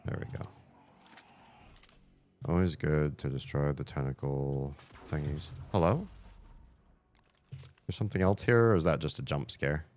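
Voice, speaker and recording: A man playing a video game and commenting as he goes, excitable and jokey, reading in-game emails aloud. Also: very deep voice, unhurried, pauses often. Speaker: gaming streamer. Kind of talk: let's play commentary.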